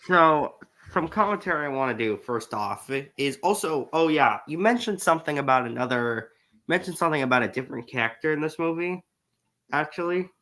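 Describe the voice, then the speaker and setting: A man in a casual chat who asks curious questions and reacts quickly to ideas. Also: on the high side, lively intonation, sharp tone. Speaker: co-host asking questions.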